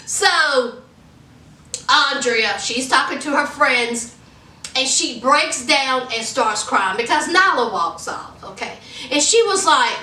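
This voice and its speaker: A sassy woman vlogger recapping a reality show, direct and scolding, with a high, lively, bright voice. She talks at an unhurried pace. The mic sits far off in an echoey room. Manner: sassy and direct, scolding with "honey", "y'all", "okay?". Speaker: reality TV reviewer. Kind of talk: casual recap vlog.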